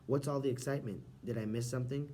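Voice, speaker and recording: A man reading an audiobook, voicing a smug teenage boy who is falsely cheerful and flattering. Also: mid-range voice, quick pace, a little hiss or hum, lightly acted.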